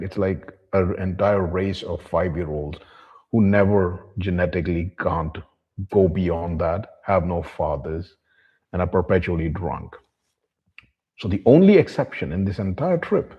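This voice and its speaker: Low husky man ranting bluntly. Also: lo-fi sound. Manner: refers to himself in the third person; blunt, profane, contemptuous ranting. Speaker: vlogger. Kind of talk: monologue to camera.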